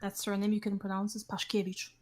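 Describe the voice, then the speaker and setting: A woman's voice: medium pitch, moderate pace, a little mellow, a little hiss or hum. A woman chatting on a livestream, teasing the host and laughing easily. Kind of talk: casual chat on a livestream.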